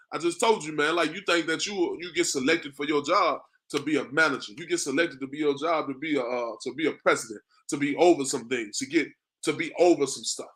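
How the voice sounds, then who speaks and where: A man with a bright, forceful voice set a little high preaches in a loose street-corner style. He speaks, peppers his talk with "man," and slows into a measured cadence when quoting scripture. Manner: conversational, repeats "man" and "you know what I mean"; reads scripture in a slow, drawn-out cadence.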